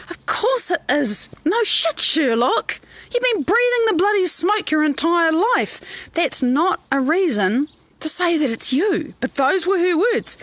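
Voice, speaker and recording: Lively high-voiced woman coach, dry sound. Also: normal speed, no room sound. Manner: expressive, acts out quoted inner voices, greets viewers. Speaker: life coach. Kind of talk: live-streamed coaching talk. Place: outdoors in the sun.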